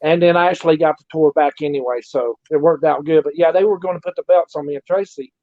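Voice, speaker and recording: A man's voice: on the high side, fast, no echo. A man, a former pro wrestler, casually telling road stories, swearing and acting out what people said. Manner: profane, acts out quoted dialogue. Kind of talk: casual storytelling. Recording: dry, muffled lo-fi audio.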